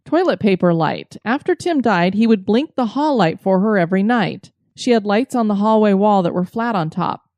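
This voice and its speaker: A woman co-hosting a podcast, reading listener stories in a steady, matter-of-fact way and chatting. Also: mid-range voice, normal speed, few pauses, dry recording, lo-fi sound. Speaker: podcast co-host.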